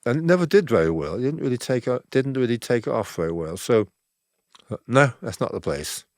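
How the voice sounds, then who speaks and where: An older man, a photographer guesting on an interview, telling stories in a relaxed, rambling way and acting out the dialogue he quotes. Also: mid-range voice, brisk, no room sound, studio quality. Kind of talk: relaxed anecdotal storytelling.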